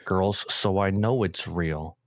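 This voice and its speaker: Man putting on a rapper voice, slow drawl, low-ish pitch, stretched-out words. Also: dry recording, clean studio sound. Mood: crooning. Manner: slow, drawn-out delivery.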